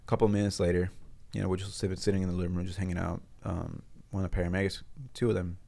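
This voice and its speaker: Male interview guest, low gravelly voice, earnest and halting, restarts sentences often. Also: flat delivery, warm tone. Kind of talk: personal storytelling in a studio interview. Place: studio.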